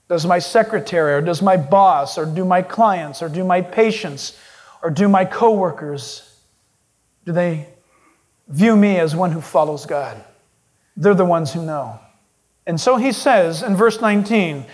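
A male pastor preaching a sermon in an emphatic way, swinging his pitch for stress. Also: expressive, normal speed.

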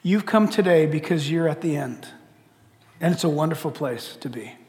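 A high-pitched male pastor delivers an earnest, blunt altar call, circling back on his points as he urges listeners forward. His voice rings out through a church sanctuary with a long reverb trailing each phrase. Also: animated, moderate pace, a little mellow, slightly rough. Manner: earnest, pleading preacher, blunt and repetitive. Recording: long reverb of a large hall.

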